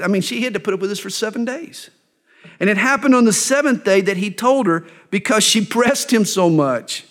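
Middle-aged preacher guy, pretty high voice for a man, reads the verse then cracks jokes about it. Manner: jokey, folksy asides between read verses. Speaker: pastor. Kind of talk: sermon teaching, verse by verse.

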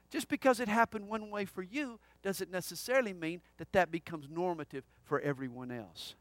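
A pastor preaching an expository sermon, emphatic and conversational with humorous asides. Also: male voice, high-pitched, normal speed, few pauses, no room sound.

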